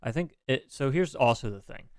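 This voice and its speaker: Man, podcast co-host, casual chat, reads updates with fillers, smooth voice, dead dry sound. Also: medium pitch, animated, normal speed, no room sound. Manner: apologetic, reads news updates aloud with fillers.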